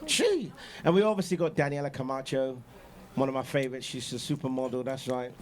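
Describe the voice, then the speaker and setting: A man hosting a talk show, playful and loud, with a catchphrase he repeats again and again. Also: medium pitch, brisk. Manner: shouty, playful, repeats "that's right". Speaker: host. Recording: lively crowd chatter behind.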